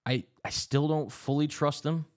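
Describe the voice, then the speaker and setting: A man's voice: on the high side, fairly even intonation, moderate pace, a little mellow. A man co-hosting a casual sports podcast, running through rankings like a broadcaster. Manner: rattles off lists like a broadcaster. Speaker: podcast co-host.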